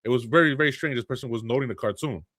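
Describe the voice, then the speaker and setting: Animated man telling a story on a podcast. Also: mid-range voice, racing, no echo, studio quality. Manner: animated storyteller, frequent restarts. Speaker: podcast co-host. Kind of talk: casual chat.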